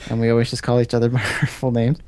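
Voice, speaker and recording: A man's voice: mid-range voice, monotone, fast, darkish tone. Young guy calling in over video chat, tells little stories, lots of ums. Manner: storytelling, thoughtful, hesitant fillers. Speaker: co-host joining by video call. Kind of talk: casual chat. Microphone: video call.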